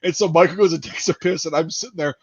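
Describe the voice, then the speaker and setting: A man telling a rambling story in a casual chat, animated, laughing and swearing a lot. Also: fairly high pitch, fast, slightly rough. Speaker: podcast host. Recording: dull dry lo-fi sound.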